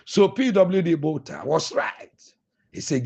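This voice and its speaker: Man, sierra leonean accent, political speech, gravelly husky voice. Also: a little high, expressive, unhurried, darkish tone, dull audio. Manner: oratorical, repetitive lists. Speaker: political speaker.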